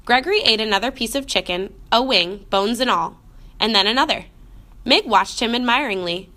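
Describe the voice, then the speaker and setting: A woman narrating a children's storybook in a clear, expressive way. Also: on the high side, normal speed. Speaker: audiobook narrator.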